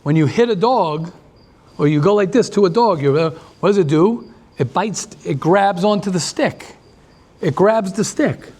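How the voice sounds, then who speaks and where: A man who is a rabbi giving a lively class, repeating himself and restarting often as he talks with the audience. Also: high voice, normal speed.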